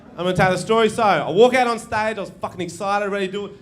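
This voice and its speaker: A young Australian man performing stand-up comedy on stage, animated and swearing, often laughing at his own stories. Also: sits high, very fast. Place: theatre stage with live audience.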